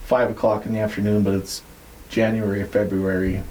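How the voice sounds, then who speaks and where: A man with a somewhat low, warm and mellow voice tells a story on a podcast. He talks loosely, rambling with plenty of "like" and the odd curse word. A faint background hiss sits under the recording. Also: level tone, a little fast, rough recording. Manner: loose, rambling retelling with frequent "like" and swearing. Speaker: podcast host. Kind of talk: casual storytelling.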